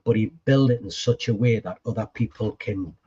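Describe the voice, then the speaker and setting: A man talks in a relaxed, chatty way on a podcast, swearing freely and acting out old conversations line by line. His voice is warm and mellow with a husky edge. The audio sounds dull and lo-fi. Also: lowish voice, normal speed. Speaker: podcast co-host appearing as guest. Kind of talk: casual storytelling chat.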